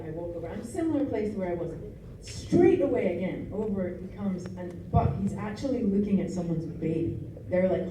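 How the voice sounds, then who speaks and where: A woman singer telling a lively, animated story to a live audience between songs, acting out her own reactions with laughs and swearing. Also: echoey room. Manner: animated, acts out quotes with big pitch jumps, laughs and swears. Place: music venue, live show. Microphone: fan's handheld recorder in the audience. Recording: distant audience recording with crowd noise. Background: crowd murmur and laughter.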